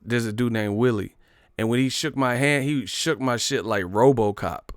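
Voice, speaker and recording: A man's voice: mid-range voice, moderate pace, no room sound, clean studio sound. A man telling a profane, rambling comic story in casual slang. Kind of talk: casual comedic storytelling monologue.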